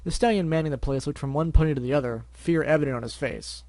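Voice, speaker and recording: A man's voice: on the high side, quick pace, a little mellow, dry recording. A man reading fan fiction aloud as narrator, with wry asides and stumbling restarts. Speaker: story reader.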